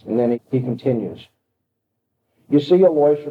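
Male lecturer, mid-pitched, dramatic reader, echoey room, tinny phone-like sound. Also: fairly quick. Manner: dramatic reading with rising intensity. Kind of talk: lecture reading aloud from a novel.

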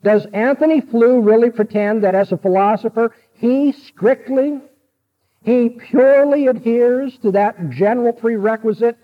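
A man's voice: very high-pitched, unhurried, dull audio. A man giving a classroom lecture, emphatic and repeating key sentences so students can note them.

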